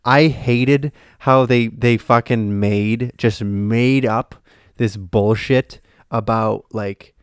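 A man's voice: mid-range voice, fairly even intonation, slow pace, clear, resonant tone, no room sound, clean studio sound. A man co-hosting a casual podcast, ranting and swearing a lot. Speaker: podcast co-host. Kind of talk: casual chat.

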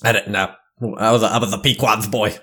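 A man's voice: fairly low pitch, flat delivery, fairly quick, pushed and bright, breathy edge. Rambling self-mocking podcast man. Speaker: podcast co-host. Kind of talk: casual chat.

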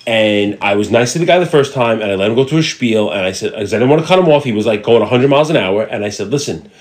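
Middle-aged guy on a podcast, talks real quick, cusses a lot, does little voices in his stories. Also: fairly low pitch. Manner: profane, animated, acts out voices in his stories. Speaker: podcast co-host. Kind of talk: casual chat, storytelling.

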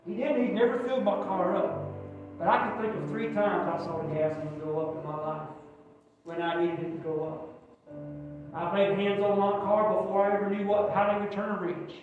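A high-pitched man preaching a folksy sermon, calling for amens from the pews. His voice rings through a very echoey church hall, caught from far off the mic with faint music underneath. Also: fairly even intonation, normal speed, narrow, tinny audio. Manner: folksy, preachy, call-and-response. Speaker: pastor. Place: church sanctuary.

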